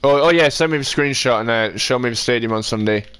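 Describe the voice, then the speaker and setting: A young man streaming a building game, chatting in a relaxed way and answering viewers as he works. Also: mid-range voice, quick pace, smooth. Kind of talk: casual live-stream chat while building in a game.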